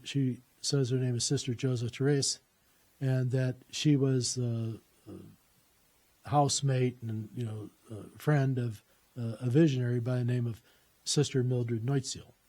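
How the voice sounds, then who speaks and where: A man's voice: mid-range voice, warm tone. A man telling a personal story in a conversational way, recounting what people said to him.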